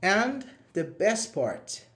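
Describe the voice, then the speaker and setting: A man's voice: high-pitched, wildly swooping pitch, very slow, fairly bright tone. A male teacher, leading a live online class in a chatty, encouraging way, praising students by name and asking them questions. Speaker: English teacher.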